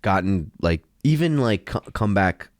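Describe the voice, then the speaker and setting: A man with a fairly low voice that swings widely as he talks, trading loose, excitable podcast banter. He laughs often and strings his thoughts together with lots of "like". The sound is close and dry, with no room in it. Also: measured pace, dry recording. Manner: excitable, laughing, heavy use of "like". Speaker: comedian.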